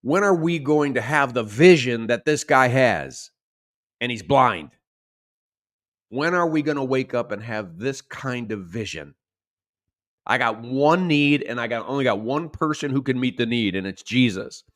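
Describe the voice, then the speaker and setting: A male pastor preaching a sermon in an animated way, acting out the shouted lines he quotes. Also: medium pitch, unhurried.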